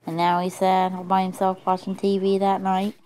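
A woman improvising a silly story from pictures, playful, crude and deadpan. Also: medium pitch, normal speed.

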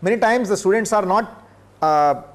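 An older man from India, giving a classroom lecture in a measured way, pausing often with filler sounds. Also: sits high. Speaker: professor. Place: lecture room.

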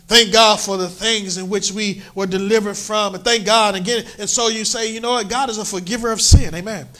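A middle-aged pastor with a New York accent, preaching a sermon in a church with emphatic, repeated lines. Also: male voice, sits high, fairly even intonation, brisk, fairly bright tone. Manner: preaching with rising, emphatic repetition. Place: church sanctuary.

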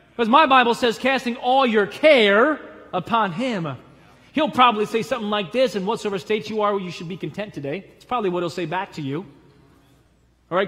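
A man's voice: high voice, a bit bright. A man preaching a sermon as pastor, emphatic, with punchy repeated phrases that rise. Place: church sanctuary. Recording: long church reverb.

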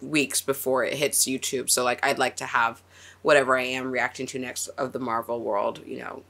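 A woman's voice: rumbling low, flat delivery, moderate pace, vocal fry, a bit bright. A woman hosting a TV reaction video, talking in a rambling, emotional way, with frequent laughs and restarts. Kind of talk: casual TV reaction and review.

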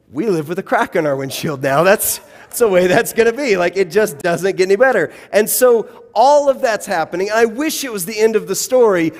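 A man preaching a sermon as pastor, telling a personal story with wry, self-deprecating humor. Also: sits high. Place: church sanctuary. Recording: long church-hall reverb.

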